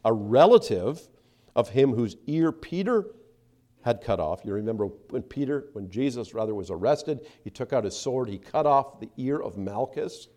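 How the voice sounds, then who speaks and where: A man preaching a sermon, acting out the speakers he quotes and dropping to soft asides between them. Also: mid-range voice, animated, moderate pace. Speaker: pastor.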